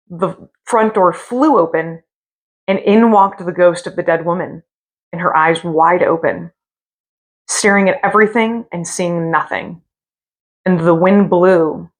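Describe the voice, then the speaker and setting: A woman reading a scary story aloud from a hotel room, with slow, drawn-out dramatic delivery. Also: lowish voice.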